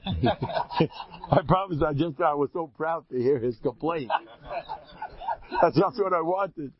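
A man's voice: a little high, unhurried, pauses often. A man giving a humorous religious talk, quizzing his listeners and mixing in Hebrew and Yiddish terms. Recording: dry, muffled lo-fi recording.

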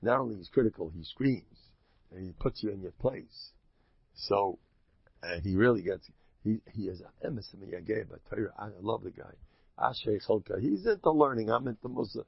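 A man with a gravelly, husky voice gives an animated Torah talk. He mixes Yiddish and Hebrew words into his speech and climbs to loud, excited peaks. The recording is close, dry and a bit dull. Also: on the low side, normal speed, no echo. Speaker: Torah teacher. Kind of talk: lively Torah talk with storytelling.

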